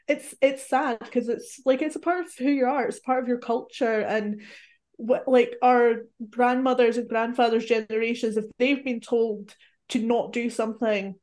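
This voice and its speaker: Earnest woman, slightly high voice. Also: darkish tone. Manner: earnest, thoughtful, repeats words as she thinks. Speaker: guest podcast host. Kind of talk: casual podcast chat.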